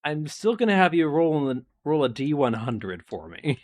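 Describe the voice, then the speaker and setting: A man's voice: a little high, very animated, normal speed. A man narrating a tabletop game as game master, playful and often laughing.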